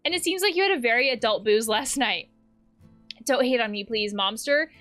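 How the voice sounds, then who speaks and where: A woman's voice: on the high side, expressive, normal speed, a bit bright, soft background music. A woman therapist playing a video game, casually reading text messages aloud with playful, laughing asides. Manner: playful, laughs and swears between read-out lines.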